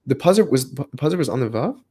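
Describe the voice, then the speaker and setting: A man's voice: medium pitch, very animated, fairly quick, warm tone, breathy edge. A man co-hosting a live text study, talking with energy and restarting phrases as his ideas build. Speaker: co-host of a text study livestream. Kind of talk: animated live study discussion.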